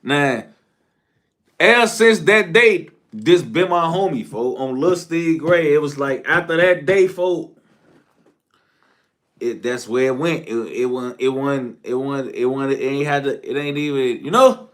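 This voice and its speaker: An unhurried man tells a casual story full of slang and profanity, swinging between shouted outbursts and low, mumbled asides.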